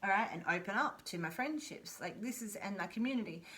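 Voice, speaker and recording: A woman's voice: medium pitch, expressive, a little fast, pushed and bright. Chatty woman giving a tarot reading. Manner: chatty, repeats phrases, self-correcting; playful asides with jokes. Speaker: tarot reader.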